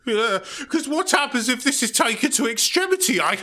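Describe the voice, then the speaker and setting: A man's voice: very high-pitched, sing-song, a little fast, pushed and bright, exaggerated voice. A man playing a pompous, patronizing politician who sneers sarcastically and ends lines with "mate". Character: smug pompous male left-wing politician, patronizing. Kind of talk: comedy sketch.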